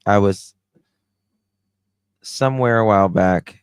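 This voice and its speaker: A tired livestream host with a drawl talks loosely to his chat and reads out names. His voice sits very low. The sound is dry and close to the mic. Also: slow, clean tone, dry recording. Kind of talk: casual livestream chat reading comments.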